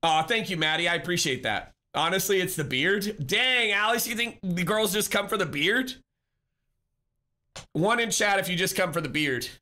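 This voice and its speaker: Speaking at a normal speed, a male live streamer keeps things casual and cheerful, talking freely and greeting viewers by name as he responds. His voice has a crisp brightness and sits a little high for a man.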